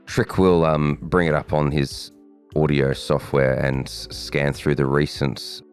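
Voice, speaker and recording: Man with an extremely low voice, playful table talk, light music behind. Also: flat delivery, measured pace, smooth. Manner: playful, coos in a high voice at a pet. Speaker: player. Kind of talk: playing a tabletop game.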